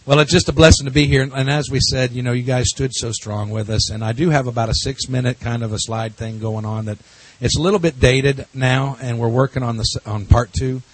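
Husky, folksy man preaching. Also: mid-range voice, steady tone, brisk, hardly any pauses. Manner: folksy, jokey storytelling with laughs. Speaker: pastor. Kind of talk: church talk to a congregation.

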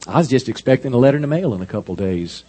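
A man preaching a sermon in an animated, folksy storytelling manner. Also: medium pitch, racing, slightly rough. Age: 50s. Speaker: pastor.

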